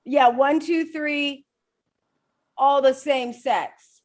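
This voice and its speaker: A woman co-hosting a casual group chat on a video call, laughing often and talking in an animated way. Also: high-pitched, extremely slow. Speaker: co-host.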